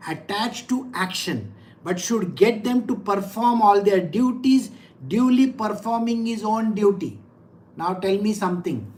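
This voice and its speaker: A woman, a spiritual teacher, giving a scripture discourse. She speaks directly, often asks the audience questions, and reads the verse slowly and with emphasis. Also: mid-range voice, a little mellow, rough recording.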